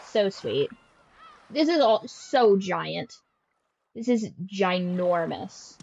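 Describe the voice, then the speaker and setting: A woman's voice: mid-range voice, a little mellow, dull audio, a little hiss or hum. A woman streaming a game, chatting casually with sarcastic, profane jokes.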